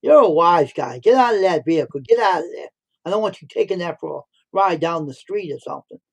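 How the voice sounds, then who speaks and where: A man voicing a frantic, exasperated male highway worker who yells at kids. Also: lively intonation, brisk, gravelly, full character voice. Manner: yelling, exasperated.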